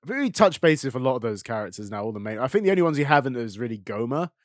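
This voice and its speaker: A young man co-hosting a podcast in casual chat, laughing often and dropping into low mumbles to act out quotes. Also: sing-song, very fast, no room sound, clean studio sound. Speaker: podcast co-host.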